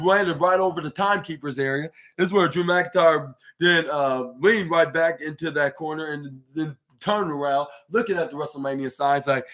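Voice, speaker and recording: Male podcast host, slightly high voice, blow-by-blow solo match recap with quick acted-out quotes. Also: a bit bright. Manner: blow-by-blow retelling, acting out wrestlers' lines.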